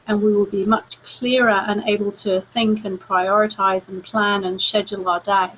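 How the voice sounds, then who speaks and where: Calm middle-aged lady talking about stress to a group, measured and chatty, a bit of background noise. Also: mid-range voice, low-quality recording. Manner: calm, measured, conversational with restarts. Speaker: stress coach. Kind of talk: talk to an audience.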